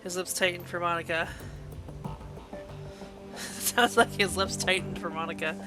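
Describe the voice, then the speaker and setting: A woman's voice: on the low side, fairly even intonation, a little slow, over music. A woman streaming a game live, reading its text aloud and reacting with gushing, emotional outbursts. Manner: gushing, emotional reactions between read passages.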